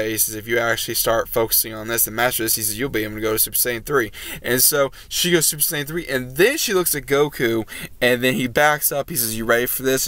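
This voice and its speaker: Man, anime reviewer, rambling episode recap, smooth resonant tone, dry close sound. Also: mid-range voice, sharp tone, no room sound. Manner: rambling retelling with fillers and restarts.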